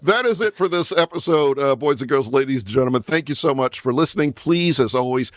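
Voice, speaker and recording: A man's voice: mid-range voice, expressive, fairly quick, no room sound, studio quality. A man hosting a podcast in casual chat, chatty and easily amused. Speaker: podcast host.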